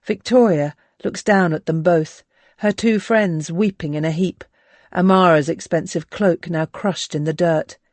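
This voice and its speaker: A narrator reading a historical novel aloud in a steady, clear manner. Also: medium pitch, unhurried, dry recording. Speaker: audiobook narrator. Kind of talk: audiobook narration.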